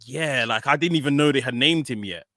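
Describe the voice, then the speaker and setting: Very bright, lively man, dry sound. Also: mid-range voice, brisk, dry recording. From United Kingdom. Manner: laughing, lively, conversational. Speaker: podcast co-host. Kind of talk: casual chat.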